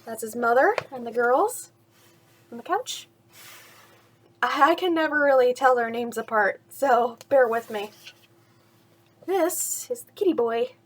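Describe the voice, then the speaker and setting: A woman with a fairly high-pitched voice reads a children's picture book at bedtime, a little slowly and pausing often. Lively throughout, she laughs a lot and chats about what the pictures show.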